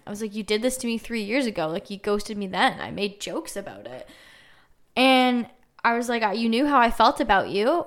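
A woman's voice: fairly high pitch, a bit bright. A young woman hosting a podcast, telling a personal story in a chatty way, full of "like" and wry jokes. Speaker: podcast host. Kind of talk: casual storytelling monologue.

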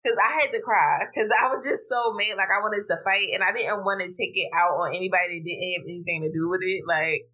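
A woman hosting a podcast, telling a story in casual chat, animated and blunt, swearing freely. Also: brisk, hardly any pauses, poor audio. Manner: animated, profane, vents with rising pitch. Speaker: podcast host. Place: home podcast setup while streaming live.

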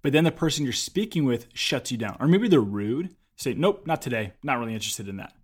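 A man co-hosting a casual conversation, telling stories and giving advice in an animated way. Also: mid-range voice, a little fast, slightly rough. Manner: storytelling, animated when acting out quotes. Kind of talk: casual chat.

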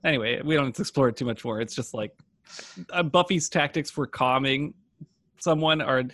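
A man's voice: mid-range voice, fairly quick, a bit bright. A man co-hosting a podcast, chatting casually and playfully as he guides the discussion. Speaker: podcast co-host. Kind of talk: casual chat.

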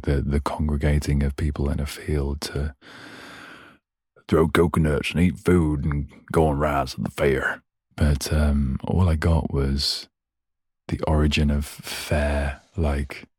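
Young guy rambling on his podcast, self-mocking, really deep husky voice. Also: a little mellow, dry recording, clean studio sound. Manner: self-mocking, chatty, meandering. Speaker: podcast host. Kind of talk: rambling solo podcast chat.

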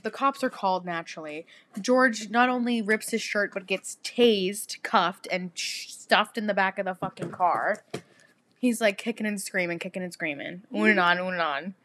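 A young woman chatting on a podcast with friends. She tells her story in a crude, lively way, swearing freely and building it up for laughs. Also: mid-range voice, moderate pace. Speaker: podcast co-host. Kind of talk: casual chat.

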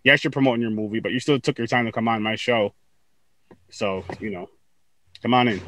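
A man's voice: medium pitch, steady tone, brisk, fairly bright tone, a little hiss or hum. A man hosting a podcast, chatting casually with guests, laughing often and repeating words as he talks. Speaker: podcast host. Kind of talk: casual interview chat.

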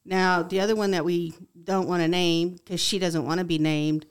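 Earnest woman with a smooth, lowish voice. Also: steady tone, normal speed. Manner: earnest, heartfelt. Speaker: guest, family member of a missing person. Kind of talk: casual podcast conversation.

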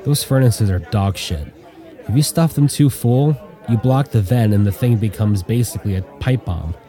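Guy reading as a worn-out joking flyboy, low mellow voice, blunt. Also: normal speed, a faint crowd, close to an everyday voice. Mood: wry. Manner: wisecracking, blunt. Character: tired joking male airman.

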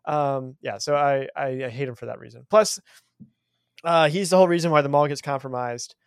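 A man chatting casually on a podcast, animated and mocking as he retells scenes. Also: mid-range voice, fairly quick, clear, resonant tone, no echo, studio quality. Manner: animated, mocking impressions of characters. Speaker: guest podcaster.

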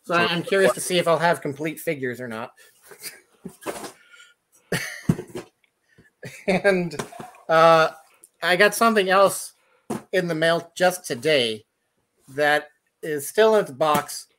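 A man's voice: on the high side, takes it slowly, pauses often, noisy background. A man guest in casual chat, chatty and chuckling as he shows new arrivals.

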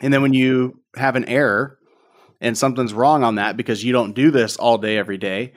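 A man hosting a podcast, who also runs a branding business, explaining in a relaxed, conversational way. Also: mid-range voice, brisk. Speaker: podcast host, branding agency owner. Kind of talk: casual podcast chat.

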